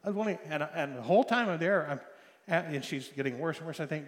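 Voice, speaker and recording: A middle-aged man preaching a sermon, telling a personal story with emotional swings from loud pleading to soft hushed tones. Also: a little high, expressive, fast talker. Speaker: pastor. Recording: long hall reverb.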